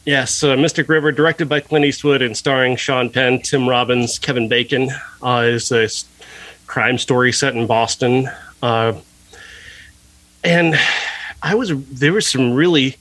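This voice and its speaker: A man co-hosting a casual film review podcast, talking in an animated, profane, mocking way and laughing often. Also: mid-range voice, a little slow, no room sound. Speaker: podcast co-host.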